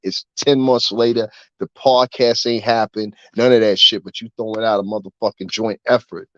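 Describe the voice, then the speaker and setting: A man talking straight to camera in a profane, rambling rant about the music industry, getting louder and more animated as he goes. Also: fairly low pitch, moderate pace, no echo, muffled recording. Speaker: vlogger. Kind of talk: ranting commentary.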